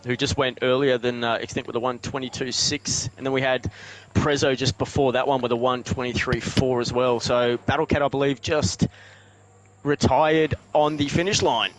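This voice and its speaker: A man giving steady, informative sim racing co-commentary. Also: medium pitch, moderate pace, low-quality recording. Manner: steady, informative, with filler ums.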